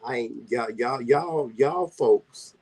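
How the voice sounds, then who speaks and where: A man with a Southern US accent, hosting a casual vlog chat and telling teasing stories in an animated way. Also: medium pitch, slow pace, a crowd in the background, low-quality recording. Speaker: vlog host.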